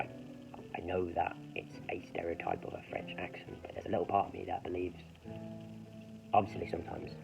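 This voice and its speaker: A man's voice: low-pitched, vocal fry, darkish tone, a little hiss or hum. A man rambling in a hesitant, self-correcting monologue as he mulls over ideas for a piece he is writing. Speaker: writer thinking aloud. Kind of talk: rambling thinking-aloud monologue. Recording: muffled lo-fi recording.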